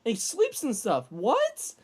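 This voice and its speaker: Co-host, lively intonation, incredulous and quick to laugh. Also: mid-range voice. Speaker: podcast co-host. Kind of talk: casual chat.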